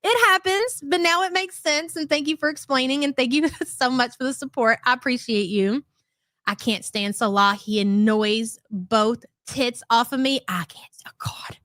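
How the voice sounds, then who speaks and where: Middle-aged woman host, high bright voice, chatty and profane, dry close mic. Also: normal speed, no room sound. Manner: chatty, greets chat by name, profane. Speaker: livestream host. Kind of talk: casual commentary livestream.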